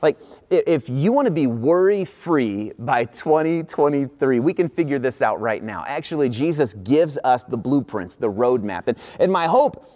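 A male pastor preaching, telling a personal story in a lively, animated way before turning to scripture. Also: moderate pace. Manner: animated storyteller, rises in pitch when excited. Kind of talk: sermon storytelling.

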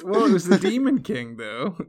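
A man with a slightly raised pitch chats loosely with friends, throwing in jokes and short questions. He is eating as he talks. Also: very animated. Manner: joking interjections and quick questions. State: eating while talking. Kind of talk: casual chat.

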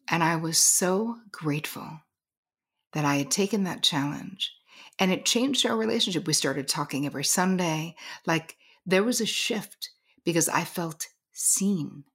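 A woman's voice: low voice, a little slow, a bit bright, husky. A middle-aged woman, a guest coach, telling a personal story in an earnest, emphatic way. She sometimes drops to a whisper to stress a point.

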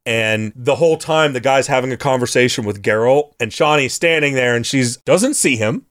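Male podcast host, mid-pitched, casual, animated storyteller who slips into character voices. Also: normal speed, few pauses. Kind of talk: casual chat, retelling a video game story.

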